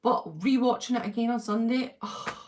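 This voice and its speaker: Welsh woman host, middle-aged, chatty fan-chat livestream, warm gushing delivery with frequent laughs. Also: a little high, moderate pace, a little hiss or hum. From Wales. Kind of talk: casual chat reading viewer comments.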